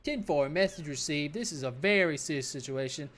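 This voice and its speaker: A man's voice: fairly high pitch, a little fast, fairly bright tone, lightly acted. Old rattly radio dispatcher, a man doing it. Formal, clipped codes. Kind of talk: voicing game dialogue.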